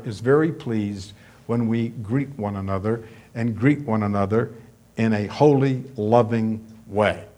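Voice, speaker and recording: A male pastor preaching a sermon in a measured storytelling way. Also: fairly low pitch, a little mellow.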